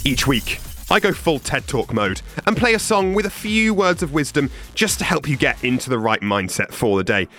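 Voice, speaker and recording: A man's voice: mid-range voice, sing-song, moderate pace, pushed and bright. A man hosting a morning radio show, chatty and upbeat, talking into a studio mic. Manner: chatty and upbeat, self-deprecating. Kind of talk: breakfast radio presenting.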